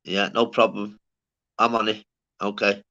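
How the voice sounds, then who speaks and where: Man, livestream host, sweary rambling chat, bright forceful voice. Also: fairly low pitch, little pitch movement, measured pace, highs cut off. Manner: rambling, sweary, calls everyone lad. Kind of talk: casual live-stream chat.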